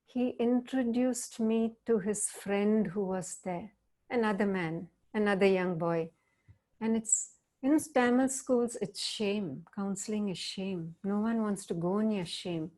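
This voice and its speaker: A middle-aged woman, a counselor gently guiding listeners through a mindfulness exercise on a video call. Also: medium pitch, slow pace. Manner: gentle, reflective, guiding with soft prompts. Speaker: counselor leading a wellness talk. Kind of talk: guided mindfulness session over video call.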